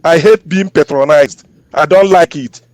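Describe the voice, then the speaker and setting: A man's voice: on the high side, measured pace, darkish tone, no echo. A man speaking in a heated group discussion, indignant and insistent, repeating himself. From Nigeria. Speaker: discussion participant.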